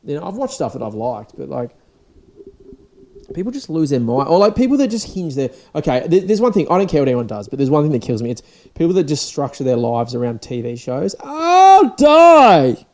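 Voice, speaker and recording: A young Australian man talks alone into his podcast mic in a loose, rambling rant full of swearing and restarts. His voice is gravelly and dark, and it sounds sore and dried out today. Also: medium pitch, sing-song, quick pace. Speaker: podcast host. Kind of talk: casual solo rant.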